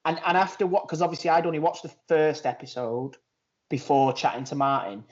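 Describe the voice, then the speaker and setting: A man co-hosts a podcast in relaxed chat. His voice sits a bit high, and he likes to retell little stories and tack "innit" onto his sentences. The audio is dull and lo-fi. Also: brisk. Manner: chatty, retells stories, tags lines with "innit". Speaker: podcast co-host. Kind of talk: casual chat. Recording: muffled lo-fi remote audio.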